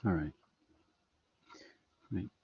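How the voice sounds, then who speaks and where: A man's voice: very slow, no room sound, phone-quality sound. A man explaining a math lesson in an online class, patient and step by step with frequent fillers. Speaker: math instructor. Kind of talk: online lecture.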